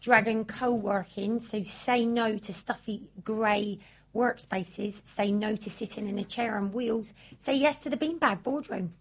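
A woman co-hosting a casual radio chat show, lively and candid, teasing callers now and then. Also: medium pitch, a little slow, husky, lo-fi sound.

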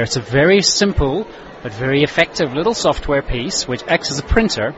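Mid-pitched male consultant, steady and explanatory, slightly dull recording with faint noise. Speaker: software consultant. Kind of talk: interview at a trade show.

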